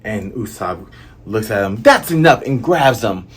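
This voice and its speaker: Musing and chatty with lots of fillers, a Southern American manga reviewer gives casual commentary on a manga chapter. He speaks a little slowly in a lowish, husky voice.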